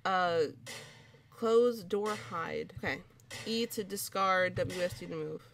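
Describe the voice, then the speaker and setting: A woman's voice: on the low side, takes it slowly, vocal fry, a little hiss or hum. A young woman giving let's play commentary on horror games who swears a lot and shrieks at scares. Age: young adult. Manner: jumpy and profane, shrieking at scares. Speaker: gaming video creator.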